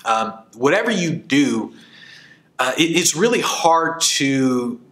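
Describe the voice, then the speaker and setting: A man's voice: mid-range voice, big pitch swings, takes it slowly, a bit bright. A man talks in a casual, earnest way about how a speaker can come across as in demand. He often repeats a word as he restarts a thought, and he keeps the tone of friendly coaching. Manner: storytelling, acts out voices in quotes. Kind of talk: casual advice talk.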